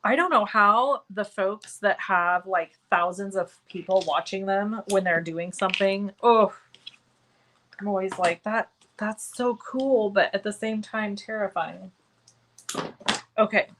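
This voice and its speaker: A woman's voice: mid-range voice, a little slow, background noise. A woman hosting a live cardmaking tutorial, chatting as she works and answering viewer comments by name in a self-deprecating way. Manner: self-deprecating, talks while working. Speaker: crafting stream host.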